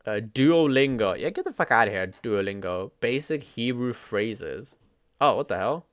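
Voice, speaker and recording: A man streaming live at his computer, chatting casually in an excitable, slangy, swear-heavy way. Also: mid-range voice, normal speed, no echo, clean studio sound.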